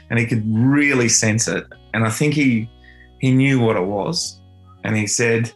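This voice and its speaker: A man's voice: on the low side, a little slow, faint music behind. A middle-aged Australian man telling a heartfelt personal story in an earnest, reflective way. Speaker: father and guitar teacher.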